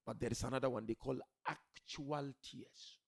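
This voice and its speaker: Impassioned preacher with a gravelly voice. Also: male voice, mid-range voice, steady tone, moderate pace. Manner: impassioned, swings from soft pleading to loud shouted emphasis; rhetorical questions, repeats key words. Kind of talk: sermon.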